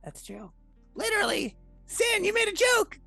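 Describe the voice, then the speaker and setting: A woman's voice: very high-pitched, big pitch swings, normal speed, gravelly, pushed and bright, dry recording, faint music behind. A woman playing in a tabletop game, throwing in teasing, jokey asides. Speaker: player.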